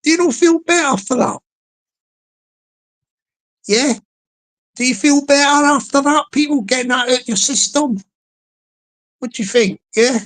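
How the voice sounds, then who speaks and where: Slow-talking man chanting on stream. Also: extremely high pitch, fairly bright tone, poor audio. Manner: chants a catchphrase and coaxes the chat to join in; repetitive, playful, drawn-out delivery. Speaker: live streamer. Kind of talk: casual live-stream chat.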